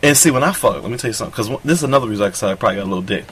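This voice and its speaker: A man's voice: on the low side, expressive, rapid-fire, fairly bright tone, slightly rough. A man doing a crude comedic monologue, telling a rambling, profane story in a boastful tone.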